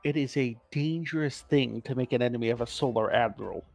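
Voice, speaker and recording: A man's voice: mid-range voice, brisk, gravelly, a little mellow, faint music behind. A man co-hosting a casual podcast, explaining game lore in a rambling, profane way and correcting himself as he goes.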